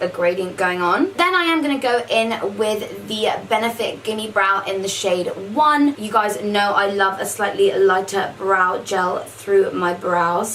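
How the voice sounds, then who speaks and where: A woman's voice: mid-range voice, fairly bright tone, distant mic, a little hiss or hum, poor audio. A woman casually talking through a makeup tutorial, chatty and saying "like" a lot. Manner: chatty, says "like" often. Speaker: makeup vlogger.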